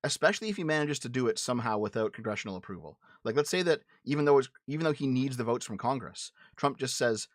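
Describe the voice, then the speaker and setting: Speaking fast with hardly any pauses, a man hosts a livestream show, his medium-pitched voice full of lively intonation over clean studio audio without room sound. He offers casual political commentary to chat, blunt and profane, repeating and restarting words when heated.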